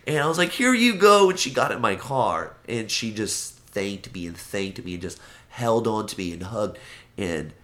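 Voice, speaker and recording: A man's voice: on the low side, normal speed, a bit bright. A young man in casual chat, telling stories with lots of swearing and acting out the voices of people in them.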